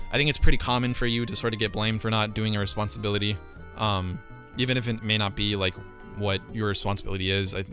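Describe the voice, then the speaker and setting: A young man with a bright, forceful voice tells a rambling storytime, stumbling over fillers and swearing in frustration. Soft music sits quietly under him. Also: medium pitch. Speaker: vlogger. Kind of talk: casual storytime rant.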